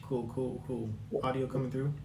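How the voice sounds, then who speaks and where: A man's voice: medium pitch, normal speed. Chill guy cohosting, laughs easy, roomy echo on his mic. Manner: relaxed, laughs easily. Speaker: podcast co-host. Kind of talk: casual chat. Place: home room with air conditioner running.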